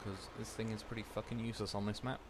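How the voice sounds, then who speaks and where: A young man with a fairly low voice, talking casually and loosely during a game stream. He drifts from story to story, cursing freely and laughing along. A faint hum of vehicle sounds sits behind him. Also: little pitch movement, fast talker. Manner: sweary, rambling, laughs through anecdotes. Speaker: livestreamer. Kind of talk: casual chat while gaming.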